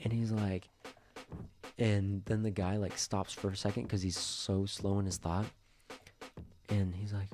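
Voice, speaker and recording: A man's voice: lowish voice, flat delivery, a little slow, long pauses, a little mellow, faint music behind. A young man co-hosting a podcast in a casual, rambling storytelling style, full of fillers. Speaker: podcast co-host. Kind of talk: casual chat.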